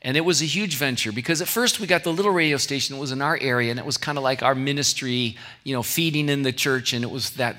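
Male pastor, middle-aged, from California; bright tone, casual storytelling sermon. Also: mid-range voice. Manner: conversational storytelling with anecdotes and asides.

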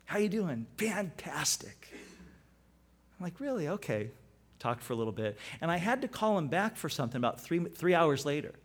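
A male pastor delivers a sermon in a relaxed, storytelling manner, and then he drives home points with sudden emphasis. His voice sits high for a man and swings widely in pitch. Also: fast, hardly any pauses. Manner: conversational, storytelling with animated emphasis.

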